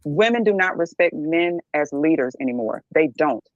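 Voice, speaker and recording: A woman's voice: low-pitched, lively intonation, moderate pace, no echo, lo-fi sound. A middle-aged woman speaking bluntly and emphatically as a podcast guest, often checking in with "right?". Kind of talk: candid podcast discussion.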